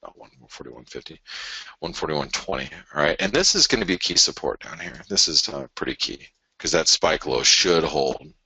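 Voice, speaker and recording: A man hosting a live forex show, walking through price charts in an animated, restless way, often restarting sentences and arguing with imagined viewers. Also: a bass voice, normal speed, breathy edge, no room sound, poor audio. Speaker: forex market show host. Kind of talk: live trading chart analysis.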